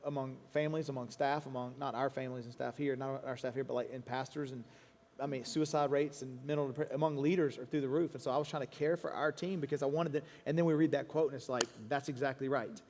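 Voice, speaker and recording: A man speaking as a pastor to a congregation in a church auditorium. He is earnest, with quick restarts and quoted asides. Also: medium pitch, fairly even intonation, darkish tone, slight background noise. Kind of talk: stage conversation to a congregation. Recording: long hall reverb.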